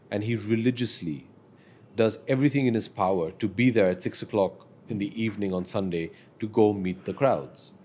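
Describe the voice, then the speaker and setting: A man's voice: low-pitched, slight background noise. A man, earnestly telling a personal story as a podcast guest. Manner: earnest, reflective, animated when telling stories.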